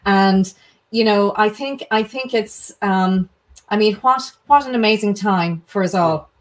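A woman hosting a casual online chat, enthusiastic and quick to laugh. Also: medium pitch. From Ireland. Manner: warm, enthusiastic, laughs easily. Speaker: host.

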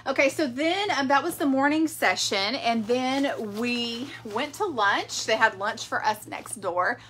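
A woman's voice: a little high, expressive, a little slow, fairly bright tone, a little hiss or hum. A woman, chatting casually in a product vlog, rambling with fillers. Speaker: direct sales director.

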